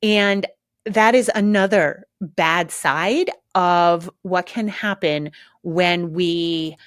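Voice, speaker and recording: A woman's voice: fairly low pitch, drawn-out words, no room sound, clean studio sound. A middle-aged woman hosting a parenting podcast, talking casually and emphatically to listeners and laughing often. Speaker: podcast host, parenting advice. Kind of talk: casual solo podcast talk.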